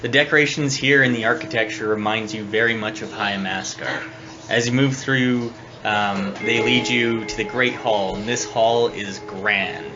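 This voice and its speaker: A man running a tabletop game as dungeon master, describing scenes in a halting way with plenty of ums. He is captured on a phone, so the sound is dull, and music plays clearly behind him. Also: fairly low pitch, fairly even intonation. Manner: halting, with many ums and uhs.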